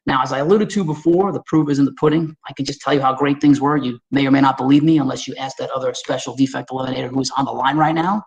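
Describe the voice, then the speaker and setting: A Staten Island man with a New York accent presents slides in a webinar, energetic, folksy and conversational, addressing his audience directly. His medium-pitched voice goes fast with hardly any pauses, and the recording is muffled.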